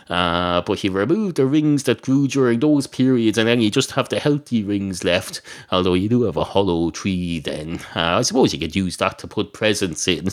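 A man doing a rambling improvised comic monologue, deadpan and digressive, with halting restarts. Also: mid-range voice.

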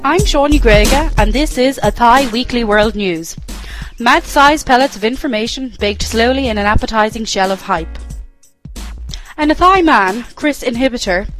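A woman's voice: a little high, poor audio. Straight-faced woman reading mock news. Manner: straight-faced newsreader delivery. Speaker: spoof newsreader. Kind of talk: scripted mock news bulletin.

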